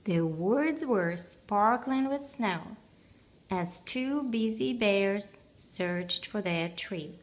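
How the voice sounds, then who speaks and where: A woman reading a picture book aloud in an expressive, gently animated way. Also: medium pitch, drawn-out words. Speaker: storybook reader.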